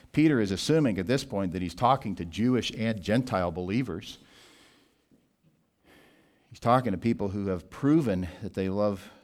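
A pastor giving an expository sermon in a deliberate teaching manner, slowing down to read scripture. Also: male voice, fairly low pitch, a little mellow.

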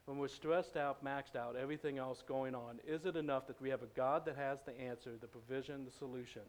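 A man's voice: mid-range voice, fairly even intonation, a little fast. A man preaching in a church, telling a story in a loose, conversational way, with many fillers and restarts. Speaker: pastor. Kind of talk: storytelling sermon.

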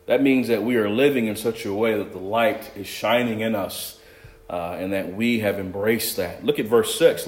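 A man preaching a sermon as pastor, with loud stressed words and quiet asides. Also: on the low side, normal speed, roomy sound.

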